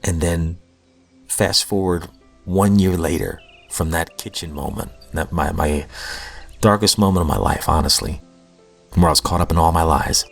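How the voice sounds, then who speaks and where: A man's voice: low voice, normal speed, gravelly, soft background music. A man hosting a recovery podcast, telling his own story in an earnest, heartfelt, self-deprecating way. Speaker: podcast host. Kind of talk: personal recovery testimony.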